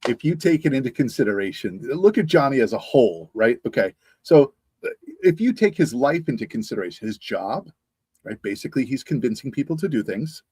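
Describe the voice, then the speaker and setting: A man's voice: mid-range voice, very animated, fairly quick, darkish tone, breathy edge, dry recording. A man on a sports talk show, teasing and joking through a mock argument. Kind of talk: casual chat.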